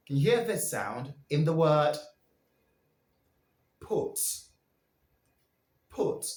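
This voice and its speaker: Man, pronunciation teacher, very slow drilling, lively pitch, echoey room. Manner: drills sounds for listeners to repeat.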